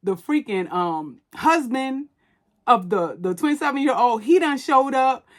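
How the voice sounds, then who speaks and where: A woman hosting a podcast, recapping a movie in animated, casual storytelling full of slang and profanity. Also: a little high, measured pace. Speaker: podcast host.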